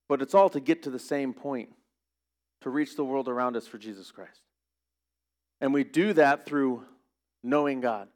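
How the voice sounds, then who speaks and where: A man preaching a sermon as pastor, earnest and rising to emphatic questions. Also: a little high.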